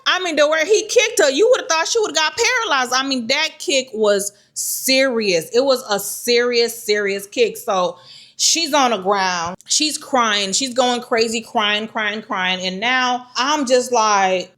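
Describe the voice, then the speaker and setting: A woman telling a personal story to camera in an animated, repetitive way. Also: a little high, measured pace. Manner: animated, lively storytelling with repeated phrases.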